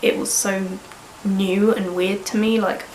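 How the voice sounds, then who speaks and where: A woman's voice: medium pitch, flat delivery, a little slow, darkish tone, echoey room, slight background noise, poor audio. A woman in her early twenties with a cold, vlogging in a frank, rambling way and swearing casually. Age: early 20s. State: sniffly with a cold. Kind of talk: candid personal vlog.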